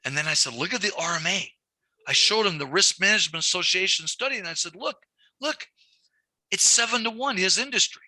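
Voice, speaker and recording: A man's voice: sits high, animated, fairly quick, sharp tone, dry recording. A man teaching a lending class, repeating key points and telling stories from his banking days. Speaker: banking instructor. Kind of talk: classroom lecture.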